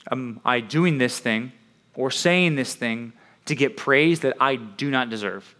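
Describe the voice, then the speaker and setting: A male youth preacher with a voice of ordinary pitch, neither high nor low. He talks to his young listeners casually, checks in with "right?" and slips into playful voices for the people he quotes. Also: a little slow, sharp tone. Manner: conversational, keeps asking "right?" and acts out quoted voices.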